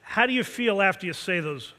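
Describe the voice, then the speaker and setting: A martial arts instructor with a high, bright voice gives his students an intense motivational pep talk. He speaks briskly and forcefully, animated throughout, and leads them in call-and-response chants. A large hall adds long reverb.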